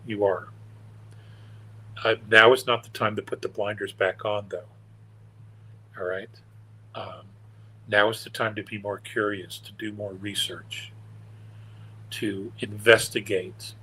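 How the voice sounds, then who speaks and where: A man's voice: fairly low pitch, little pitch movement, unhurried, long pauses, bright, forceful tone, slightly rough, low-quality recording. An older man, a guest on an interview show, telling stories in a meandering, earnest and wry way. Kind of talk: casual storytelling interview.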